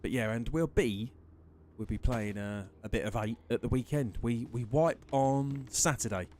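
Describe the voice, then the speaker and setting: A man's voice: mid-range voice, normal speed, darkish tone, slight background noise. A man streaming a survival game, chatting casually with viewers, greeting them by name and swearing freely. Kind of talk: casual live-stream chat while gaming.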